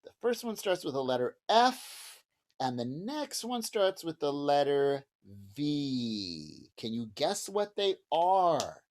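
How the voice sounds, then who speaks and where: In a home video with drum and banjo music, a man gives preschoolers a music lesson, addressing the young children cheerfully and directly and pausing his explanations for singing and drumming. His voice is slightly high and a little mellow, very animated yet slow-paced.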